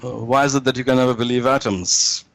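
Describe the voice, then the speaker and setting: A man's voice: mid-range voice, fairly even intonation, fast, a bit bright, rough recording. A man guest in an interview, telling jokes in a rambling way with many restarts.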